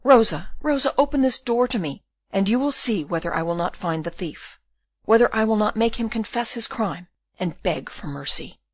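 A woman's voice: mid-range voice, expressive, moderate pace, no room sound, lightly acted. A desperate young prisoner, furious and pleading, as a woman reads him in an audiobook. The voice sits in a mid register and is recorded dry and close. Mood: urgent. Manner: pleading and raging.

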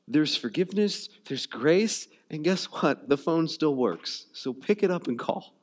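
A man's voice: on the high side, expressive, unhurried, hardly any pauses. A man preaching a sermon as a pastor, in a loose conversational way, often repeating words and saying "you know" and "like.". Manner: conversational, repeats words while searching for phrasing.

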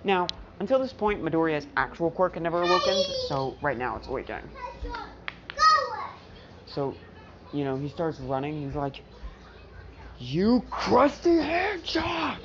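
A woman's voice: low voice, animated, moderate pace, pauses often, heavy background noise. A woman telling a fan story in a casual, rambling way, with many fillers and restarts, recorded at home. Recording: dull lo-fi recording.

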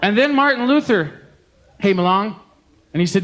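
A man preaching from a concert stage in a folksy, joking, animated storytelling way. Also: high voice, normal speed. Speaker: singer and preacher. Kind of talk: live concert sermon talk. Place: concert stage before an audience.

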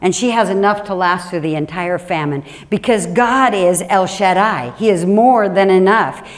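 A woman pastor preaching a sermon in a church, animated and emphatic, with sudden drops to a quiet, low voice. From Washington State.

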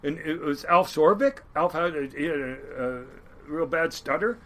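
A middle-aged man from Washington State, a crab boat captain telling stories in a casual interview, animated, swearing freely and restarting often. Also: a little high, unhurried.

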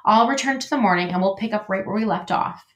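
A woman's voice: mid-range voice, fast talker, lightly acted. A woman voicing a friendly, talkative male beaver builder with a folksy manner, in an echoey room. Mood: chatty.

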